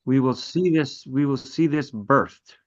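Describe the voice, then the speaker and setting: Guy on a video call, kinda slow and hesitant, lots of uh, audio muffled. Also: mid-range voice. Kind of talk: casual chat.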